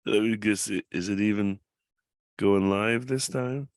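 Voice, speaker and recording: Deep-voiced joking male podcast host. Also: steady tone, measured pace, dry recording. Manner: joking and profane, laughs often. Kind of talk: casual podcast chat.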